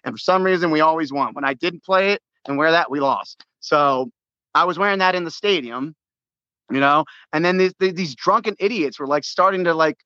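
A man telling a sports story in casual chat, excitable and full of restarts, acting out his own shouts. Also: a little high, brisk, dry recording, lo-fi sound. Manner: many restarts and repeated words.

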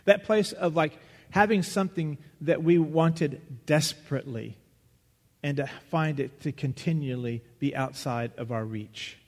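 A man preaching a sermon as pastor, earnest and searching, pausing and restarting as he goes. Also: a little high. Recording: long reverb of a large hall.

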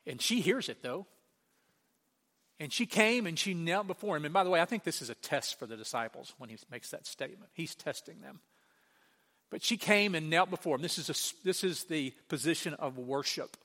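A man preaching a sermon in an animated way, acting out quotes and asking the congregation questions. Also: a little high, moderate pace. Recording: long hall reverb.

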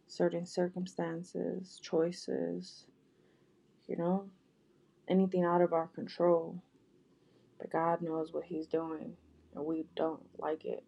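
A woman speaking gently and directly to her viewers, repeating heartfelt apologies and words of comfort. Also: on the low side, gravelly, breathy edge. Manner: gentle, soft-spoken, repetitive, with frequent restarts. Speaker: vlogger.

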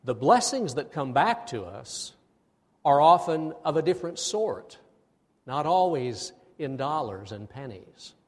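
A man preaching a sermon to his congregation. He speaks with animated energy and leads the people in repeating phrases back to him. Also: a little high, measured pace, husky. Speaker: pastor. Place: church sanctuary. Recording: long hall reverb.

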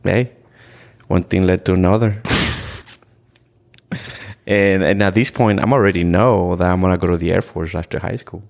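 Deep gravelly man. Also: steady tone, a little mellow. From Ecuador. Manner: earnest, halting, with repeated restarts and "like". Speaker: podcast guest. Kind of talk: candid storytelling in conversation.

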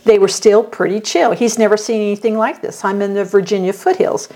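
A woman's voice: mid-range voice, steady tone, warm tone. A woman with a Southern US accent co-hosting a casual chat, easygoing as she reads out viewer questions. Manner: easygoing, reads questions aloud, quick to laugh. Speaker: co-host reading viewer questions.

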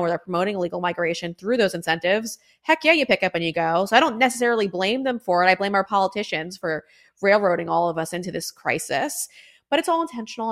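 A woman's voice: lowish voice, a bit bright. Opinionated woman hosting a talk show. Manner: emphatic and conversational, many fillers. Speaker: show host. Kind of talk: opinionated political commentary.

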